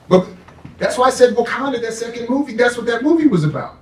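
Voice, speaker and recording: A man with a high voice holds forth on a panel, animated and emphatic. He sounds set back from the microphone. The room around him rings. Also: fast talker, a little hiss or hum. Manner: animated and emphatic, mocks others in put-on quotes. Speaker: guest speaker, professor. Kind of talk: impassioned panel talk. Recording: echoey room, mic at a distance.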